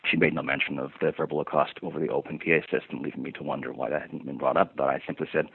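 A man's voice: very deep voice, slightly rough. A man giving a long personal account of an incident, in formal wordy phrasing with frequent ums and restarts. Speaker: passenger recounting an incident. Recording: tinny lo-fi phone-like recording.

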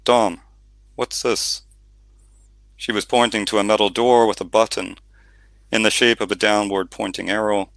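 A man narrating an audiobook in steady storytelling, with the odd reading slip. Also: lowish voice, brisk, vocal fry, dry recording. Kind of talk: scripted narration.

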